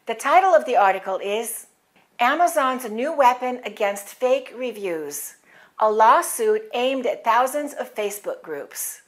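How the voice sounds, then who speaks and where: Clearly enunciating woman English teacher. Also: fairly high pitch, lively intonation. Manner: clear, deliberate enunciation with model words for repeating. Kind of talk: scripted pronunciation lesson.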